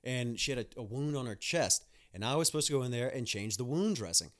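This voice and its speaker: Young male podcast host, mid-pitch, casual monologue, crude and blunt. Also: expressive, fast. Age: young adult. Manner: blunt, profane ranting with mocking asides.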